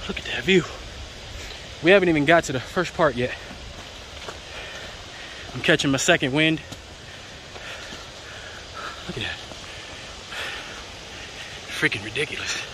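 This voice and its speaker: A man's voice: a little high, expressive, measured pace, long pauses, bright, forceful tone, slight background noise. A man vlogging outdoors while climbing a mountain trail, out of breath and puffing, talking casually and joking. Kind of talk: casual vlog narration while hiking.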